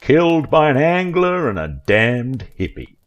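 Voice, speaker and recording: A man's voice: medium pitch, very animated, unhurried, lo-fi sound, voice pushed up. A man voicing a filthy old backwoods bait-shop man who hollers and drawls menacingly in a twang.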